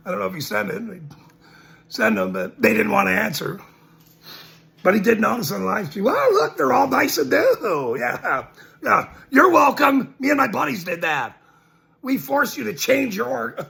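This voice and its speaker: High-pitched gravelly ranting man. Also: pushed and bright. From Ireland. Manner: mocking, laughing between lines; repeats points emphatically. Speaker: citizen journalist. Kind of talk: ranting monologue to camera.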